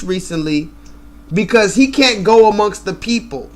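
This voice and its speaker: A man's voice: high voice, lively intonation, unhurried. A man hosting a live stream, ranting and swearing in loose commentary, repeating himself and laughing often.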